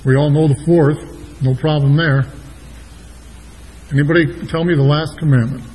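A man's voice: on the high side, fairly even intonation, moderate pace, a little mellow, breathy edge, in a large hall, rough recording. A man pastoring a church, giving an informal sermon with many fillers. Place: church sanctuary.

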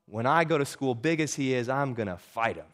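A man's voice: a little fast, lightly acted. A man voicing an eager, hot-headed young schoolboy in a story he reads aloud during a sermon. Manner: excited, higher-pitched boyish voice.

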